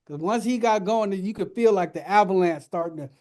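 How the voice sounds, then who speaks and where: Male radio host, high-pitched, heartfelt and animated on air. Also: fairly quick. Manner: earnest, reverent, then lively and laughing. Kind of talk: casual radio talk. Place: radio studio.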